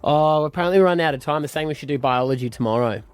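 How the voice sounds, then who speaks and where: A man's voice: fairly high pitch, racing, smooth, no echo. A man co-hosting a radio chat, joking and teasing the others. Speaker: radio co-host. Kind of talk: casual chat.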